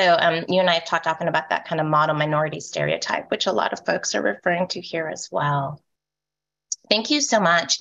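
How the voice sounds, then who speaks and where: Soft-spoken woman with a rising lilt. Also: fairly low pitch, gravelly, muffled recording. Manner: frequent "um" and "right?" check-ins. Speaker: panel moderator. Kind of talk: panel discussion.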